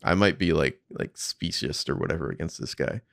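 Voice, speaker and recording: Deep gravelly man chatting casually. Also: animated, brisk, a bit bright, no echo, clean studio sound. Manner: casual, swearing, thinking aloud with fillers. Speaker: podcast co-host. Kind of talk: casual film commentary.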